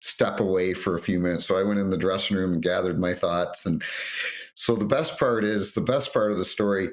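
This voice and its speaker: A middle-aged man, a former referee, telling lively anecdotes in an interview and acting out what others said. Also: deep voice, a little fast. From North America. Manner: animated anecdotes, acts out quotes. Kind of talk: storytelling interview.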